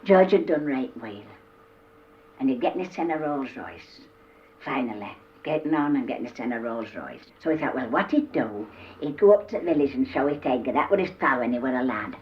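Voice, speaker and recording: An older woman with a Yorkshire accent telling humorous dialect stories, acting out the characters' voices with lively shifts. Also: a bass voice, brisk. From Yorkshire, England. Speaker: dialect storyteller. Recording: roomy, dull old cassette tape.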